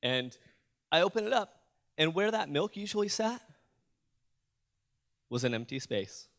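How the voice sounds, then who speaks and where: A man's voice: fairly high pitch, very animated, unhurried, vocal fry, fairly bright tone. A man giving a motivational talk to a school audience, telling a personal story with jokes and questions to the crowd. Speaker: motivational youth speaker. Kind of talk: storytelling keynote speech. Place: school auditorium.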